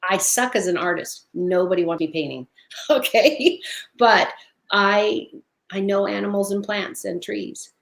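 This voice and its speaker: A middle-aged woman chatting as an interview guest, her voice at an ordinary middle pitch. She tells stories with animation and breaks into laughter often. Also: unhurried, creaky. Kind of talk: casual interview chat.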